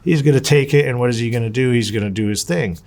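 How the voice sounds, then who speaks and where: A man's voice: mid-range voice, fast talker. A man in an interview, telling his story with lots of swearing and acting out what people said. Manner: profane, animated, acts out quotes. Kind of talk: candid storytelling.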